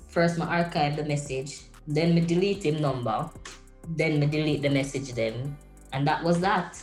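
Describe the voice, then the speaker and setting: A woman, co-hosting a podcast and telling a lively story in casual chat, slipping into patois. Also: low voice, normal speed, soft background music. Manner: animated storytelling with slips into patois. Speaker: podcast co-host. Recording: roomy echo.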